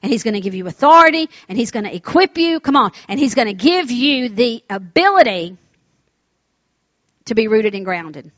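Emphatic woman preacher, fairly high voice. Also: sing-song, moderate pace, no room sound, dull audio. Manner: emphatic, repetitive, asks the congregation for responses. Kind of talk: sermon.

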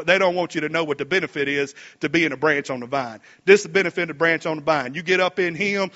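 Male preacher, high-pitched, folksy sermon, dull lo-fi church recording. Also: fairly bright tone. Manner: folksy, reads scripture slowly and comments between verses. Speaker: pastor.

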